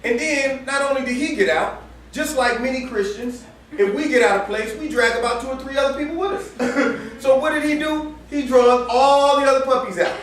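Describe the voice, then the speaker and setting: A man preaching a sermon at a campus ministry gathering, telling a story in a lively, laughing, colloquial way. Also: very high-pitched, moderate pace, a little hiss or hum. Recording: echoey room heard from far off.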